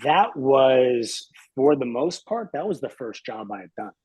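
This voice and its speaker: A man's voice: mid-range voice, sing-song, unhurried, a little mellow, breathy edge, no echo, rough recording. A man in his fifties, a podcast guest reminiscing in casual chat, hesitant and rambling with many fillers.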